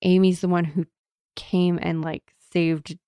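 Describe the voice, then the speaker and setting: A woman recapping a book in casual chat, sarcastic and quick to act out the characters in little voices. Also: on the low side, level tone, mellow, clean tone, no room sound, clean studio sound. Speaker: book discussion co-host.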